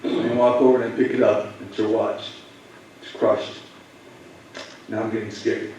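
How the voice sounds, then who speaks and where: A man, a police officer, telling students a personal story in a halting, emotional way. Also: lowish voice, little pitch movement, dark tone, a little hiss or hum. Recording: echoey room, voice from far off.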